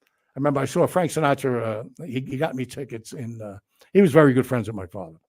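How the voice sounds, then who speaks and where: An older man spins stories as a guest in a relaxed interview. He talks in an animated, salty way and slips into the voices of the people in his tales. His pitch sits in an ordinary middle range. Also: quick pace. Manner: animated, profane storyteller who acts out quotes. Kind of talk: casual storytelling interview.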